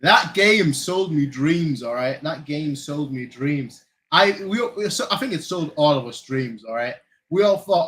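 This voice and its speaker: Chatty German man, slightly raised pitch. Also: lively intonation, normal speed, a bit bright, poor audio. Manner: rambling, repeats phrases, frequent "like". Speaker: fan channel host. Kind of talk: casual live watchalong chat. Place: lives in Manchester.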